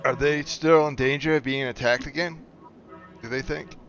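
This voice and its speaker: A man's voice: medium pitch, fairly even intonation, moderate pace, fairly bright tone, lo-fi sound. A man playing a tabletop game, asking questions in an inquisitive way over background music. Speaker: player.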